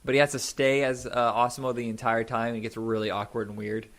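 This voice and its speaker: A man in an easygoing podcast conversation, talking at a middling pitch that sits right in the usual range. He rambles, backtracks and fills gaps with "uh" and "um" while he looks for the right words. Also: steady tone, fast, a bit bright. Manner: rambling, searching for words with many fillers. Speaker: podcast co-host. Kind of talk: casual chat.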